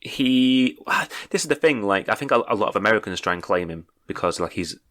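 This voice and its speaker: A man with a very low voice talks through a film in casual podcast chat. He co-hosts the show and is opinionated, explaining his views at length. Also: expressive, a little fast, fairly bright tone. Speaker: podcast co-host.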